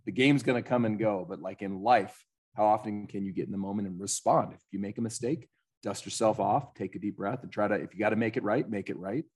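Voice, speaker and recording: Male co-host and coach, husky voice, encouraging, pep-talk manner. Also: on the low side, fast, darkish tone. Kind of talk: casual conversation.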